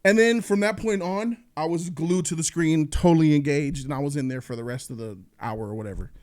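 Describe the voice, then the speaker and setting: A high-pitched man tears through a comedic movie review. He talks in an animated, profane rant and jumps into voices to act out the people in his stories. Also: a little fast. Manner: animated, profane, acts out quotes. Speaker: host.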